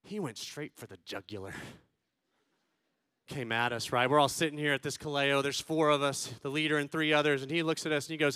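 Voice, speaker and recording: A man in his thirties doing stand-up, telling stories as a father and acting out loud quotes between hushed asides. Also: on the high side, steady tone, brisk, clean tone, dry recording, studio quality. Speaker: stand-up comedian. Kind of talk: stand-up storytelling.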